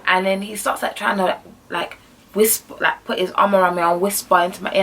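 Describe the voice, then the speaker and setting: Young woman, husky breathy voice, storytime vlog, chatty and slangy, mic set a bit away. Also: medium pitch, fairly quick, far from the mic. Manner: animated, slangy, heavy use of "like". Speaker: vlogger.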